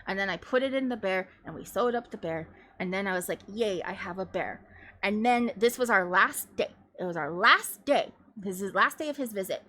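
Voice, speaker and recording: A young woman hosts a casual livestream chat. She rambles from one thought to the next in an animated way and laughs often. Her voice sits at a middle pitch. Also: fairly quick, hardly any pauses, slight background noise. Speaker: livestream host.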